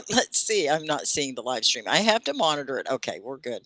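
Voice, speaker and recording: An older woman teaching English on a live stream, chatty and animated, asking her viewers one question after another and reading out their comments. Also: a bass voice, moderate pace, no room sound. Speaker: ESL teacher.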